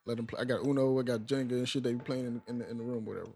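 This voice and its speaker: A young man chatting casually on a podcast, telling a story in slang and dropping to a hushed voice when he quotes himself. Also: mid-range voice, fairly even intonation, racing, creaky, breathy edge. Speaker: podcast co-host, new teacher. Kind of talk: casual chat.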